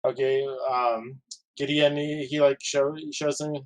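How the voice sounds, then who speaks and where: Player: male, slow and hesitant, flat delivery, lots of ums. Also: a little high. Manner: hesitant, many fillers. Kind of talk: casual tabletop game play.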